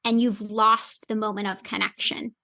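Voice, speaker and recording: A woman's voice: medium pitch, little pitch movement, normal speed, vocal fry, pushed and bright. A woman health coach, a podcast guest, explaining earnestly and acting out bits of inner dialogue. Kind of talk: podcast interview answer.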